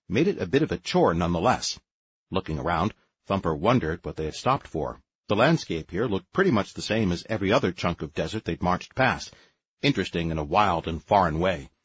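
A man narrating an audiobook in a low, husky voice with a lively, rolling delivery. The recording is dry and slightly dull, like lo-fi audio. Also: no echo. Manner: lively, expressive reading. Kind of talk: scripted narration.

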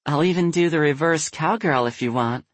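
A man putting on a whiny, high young woman. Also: normal speed, dry recording, lightly acted. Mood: coaxing. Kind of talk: audiobook character voice.

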